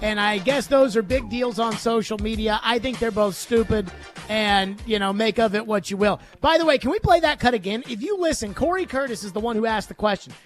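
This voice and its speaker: A man's voice: high-pitched, lively intonation, a little fast, soft background music. A man hosting a sports talk radio show, ranting emphatically with jokes.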